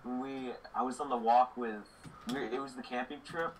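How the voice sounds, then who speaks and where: A young man co-hosting a casual podcast, jumping excitedly into stories. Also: medium pitch, normal speed, a little hiss or hum, low-quality recording. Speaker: podcast co-host. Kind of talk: casual chat.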